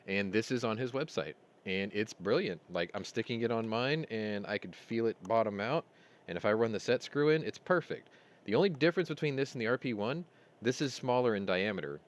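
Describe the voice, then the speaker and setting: A man hosting a casual weekly chat show, telling long, rambling stories and acting out both sides of conversations. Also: lowish voice. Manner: rambling storyteller, retells dialogue. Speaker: host.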